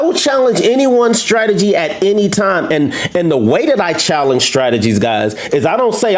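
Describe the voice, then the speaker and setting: Brash, animated man teaching trading. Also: moderate pace, hardly any pauses, faint music behind. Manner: brash, challenging, boastful; animated, swoops up into high pitch for emphasis. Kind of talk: live trading lesson to viewers.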